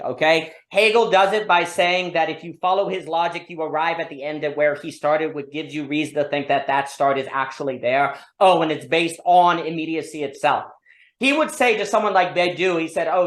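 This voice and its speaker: A woman hosting an online discussion, thinking aloud about philosophy in an animated way, full of restarts and rhetorical questions. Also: low-pitched. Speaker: discussion host. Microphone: online call. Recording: roomy echo.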